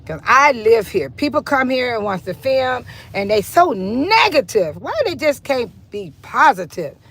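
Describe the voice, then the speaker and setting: A woman giving a casual walking-tour vlog, chatty and repetitive with sudden loud exclamations, recorded on a handheld phone while driving and walking outdoors. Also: on the high side, very animated, unhurried, breathy edge, rough recording. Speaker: local vlogger.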